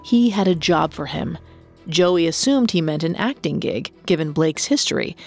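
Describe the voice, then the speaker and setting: Measured woman narrator, fairly low, for true-crime podcast reads with soft music bed. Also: expressive.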